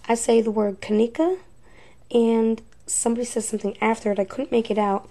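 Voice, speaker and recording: A woman with a fairly high, gravelly voice and a dark, mellow tone works through her ghost recordings. She talks slowly and hesitantly, thinking aloud and often unsure of what she is hearing. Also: fairly even intonation. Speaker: paranormal investigator. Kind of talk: reviewing and reading out ghost recordings.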